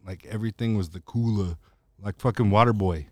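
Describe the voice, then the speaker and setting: A man's voice: lowish voice, fairly quick, no room sound. A man co-hosting a casual chat, laughing often and bantering playfully. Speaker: podcast co-host.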